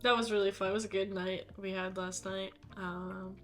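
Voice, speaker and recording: A young woman in her twenties co-hosting a casual podcast, easygoing and quick to giggle. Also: mid-range voice, little pitch movement, faint music behind. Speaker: podcast co-host. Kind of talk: casual chat.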